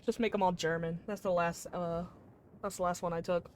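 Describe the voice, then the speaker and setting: A woman's voice: on the low side, fairly even intonation, fairly quick, a little hiss or hum. A young adult woman chatting casually and teasing her chat while playing a game live, laughing often. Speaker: gaming streamer.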